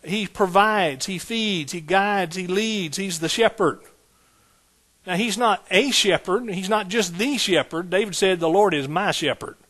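A man's voice: sits high, unhurried, sharp tone. A man preaching a sermon as pastor, building points through rhythmic repetition and folksy asides.

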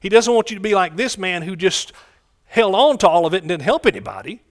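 Man, preacher, sermon, conversational, slightly high pitch. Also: big pitch swings, quick pace. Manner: conversational, repeats phrases, asks the congregation questions.

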